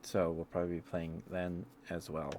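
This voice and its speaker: A man streaming ASMR, chatting casually and excitedly with viewers in a rambling, friendly way. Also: deep voice, background noise. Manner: excitable, rambling, with fillers and quick laughs. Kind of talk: casual live-stream chat.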